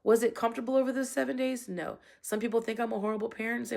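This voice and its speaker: A woman's voice: fairly high pitch, racing, gravelly, darkish tone. A middle-aged woman, a parenting coach, talking casually and earnestly to camera, often checking in with "right?". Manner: earnest and plainspoken, with many "right?" check-ins. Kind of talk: casual advice talk to camera.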